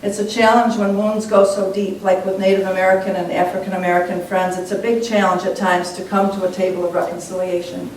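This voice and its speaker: A woman minister preaches in an earnest, reflective teaching tone, her voice at mid pitch. She sounds a little away from the microphone, and it catches a great deal of church-hall echo with a faint rumble underneath. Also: level tone, a little fast, hardly any pauses, darkish tone, distant mic. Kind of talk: sermon. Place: church sanctuary.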